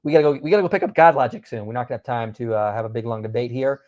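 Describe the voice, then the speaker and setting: A man's voice: mid-range voice, darkish tone, highs cut off. A man hosting a live stream, reading out viewer comments and replying in casual chat. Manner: reads out viewer comments and answers them quickly. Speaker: host.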